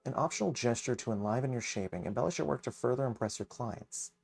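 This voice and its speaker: Pompous game gent, grand and wistful, voiced by a man, middling pitch. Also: lively intonation, vocal fry, a little mellow, slightly rough, soft background music. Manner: pompous, drawn-out delivery. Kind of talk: reading a visual novel aloud.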